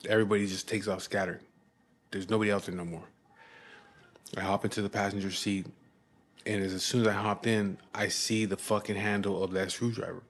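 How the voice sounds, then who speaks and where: Low-voiced blunt man telling a story. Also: flat delivery. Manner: blunt and heavily profane; halting restarts and repeated words. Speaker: storyteller recounting his past. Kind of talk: casual storytelling.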